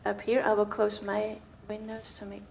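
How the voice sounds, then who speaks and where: A woman's voice: medium pitch, monotone, moderate pace, gravelly, slight background noise. A woman moderating a conference, talking thoughtfully with hesitations in a theatre hall. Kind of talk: talk at a conference.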